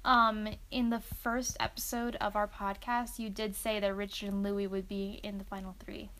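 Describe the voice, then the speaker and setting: A woman's voice: medium pitch, little pitch movement, moderate pace, a bit bright. A woman co-hosting a podcast, chatting casually with lots of "like" and "um". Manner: chatty, fills with "like" and "um". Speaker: podcast co-host. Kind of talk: casual chat.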